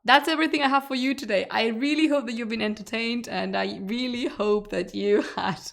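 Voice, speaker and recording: A woman's voice: fairly high pitch, brisk, creaky. Chatty woman streamer. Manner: chatty and laughing, with frequent restarts and fillers. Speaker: streamer, history channel host. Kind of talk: casual live-stream chat to viewers.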